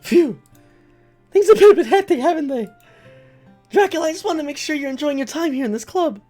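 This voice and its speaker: A woman's voice: high-pitched, lively intonation, brisk, dark tone, soft background music, voice pushed up. A woman voicing a cheerful, caring teenage girl who is president of a school club, reading her lines in a sweet, earnest tone.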